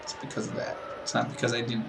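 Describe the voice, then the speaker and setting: A man's voice: medium pitch, monotone, quick pace, gravelly, far from the mic, crowd noise, rough recording. A man giving casual let's-play commentary as a gaming YouTuber, rambling, apologetic and tired. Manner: rambling, chatty, apologetic, chuckles to himself. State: tired, yawning. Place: room at home with a window open.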